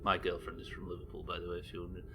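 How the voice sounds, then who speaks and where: Very fast and completely flat, a young UK man's low voice comes through background noise as he streams a game live. He rambles, belittles himself, swears casually and reads viewer messages aloud while chatting with his audience.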